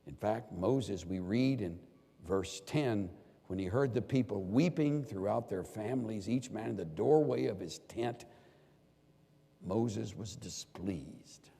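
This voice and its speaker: An older man preaching a sermon in earnest, animated tones, now and then acting out pleading quoted voices. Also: fairly low pitch, slow, creaky, husky. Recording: long reverb of a large hall.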